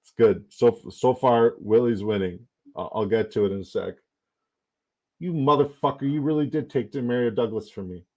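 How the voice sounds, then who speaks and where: A young man hosting a casual livestream, excitable, rambling and profane as he chats with viewers. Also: mid-range voice, normal speed. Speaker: livestream host.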